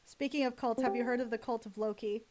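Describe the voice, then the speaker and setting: A young woman chatting on a live stream from her home setup, her voice pitched high. She rambles and gushes, swears casually and stops to thank her chat. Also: steady tone, fast talker, darkish tone.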